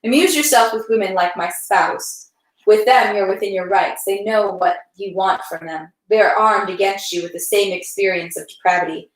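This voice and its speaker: A woman's voice: medium pitch, moderate pace, reverberant, natural voice, low-quality recording. A woman reading the lines of an enraged, awkward young nobleman in a novel. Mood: stern, furious.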